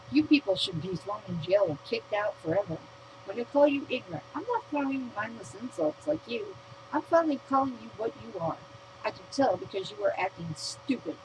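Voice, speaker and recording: A woman's voice: medium pitch, background noise. Blunt, profane American woman vlogger. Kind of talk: reading her own written rant aloud.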